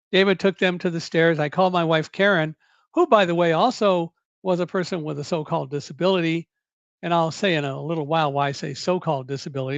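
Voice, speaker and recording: Older guy telling his story slow and deliberate, voice a little high, kinda dull lo-fi sound. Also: dry recording. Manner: measured, deliberate storytelling with occasional self-corrections. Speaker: guest recounting a survival story. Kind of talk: storytelling interview.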